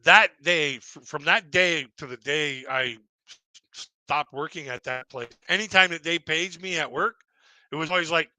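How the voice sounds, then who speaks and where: With a pushed, bright voice on the high side and a moderate pace, a middle-aged stand-up comic tells a meandering story on a live stream. He circles back over the same points and impersonates others at raised volume. The recording is rough, with no echo.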